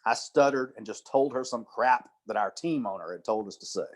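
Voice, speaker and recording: Man telling a church talk story. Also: mid-range voice. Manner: storytelling, acts out quotes, recites poetry slowly. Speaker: church speaker and literature teacher.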